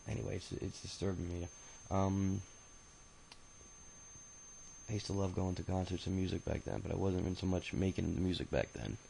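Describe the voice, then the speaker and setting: Man in his thirties, very low voice, rambling profane memoir talk, lots of ums. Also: steady tone, normal speed, vocal fry, warm tone, a little hiss or hum, low-quality recording. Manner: rambling and profane, many filler sounds. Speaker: autobiography narrator. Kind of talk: casual spoken memoir storytelling.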